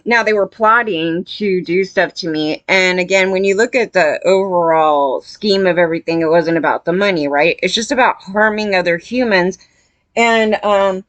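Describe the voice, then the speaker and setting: A woman talking straight to the camera in casual, blunt commentary, rambling and full of fillers. Her pitch sits in the middle, and the recording is dry and close. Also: a bit bright, dry recording.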